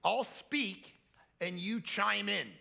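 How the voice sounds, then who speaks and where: A man preaching a lively camp sermon, telling stories and swinging from quiet asides to loud, high-pitched peaks. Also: slow pace, vocal fry. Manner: animated storytelling with shouted high peaks. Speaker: pastor. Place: camp meeting hall.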